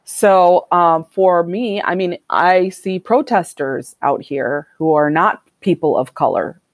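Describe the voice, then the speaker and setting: A woman's voice: fairly low pitch, dry recording. Candid woman doctor, dry close sound. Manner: reflective, candid, measured. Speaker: doctor, interview guest. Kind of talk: conversational interview.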